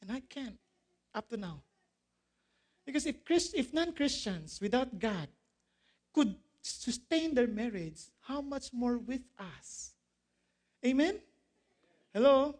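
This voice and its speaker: High-voiced animated male preacher. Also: takes it slowly, pauses often. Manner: animated preaching, laughing at own jokes; quotes scripture, asks the audience questions. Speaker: pastor. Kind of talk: sermon.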